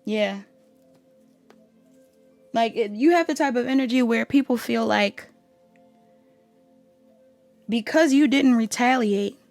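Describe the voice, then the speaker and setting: Woman doing a pick-a-card tarot reading, kinda raspy fry in her voice, rambly, lots of "like", soft music underneath. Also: fairly high pitch, dry recording. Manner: casual, rambling, heavy use of "like". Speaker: tarot reader.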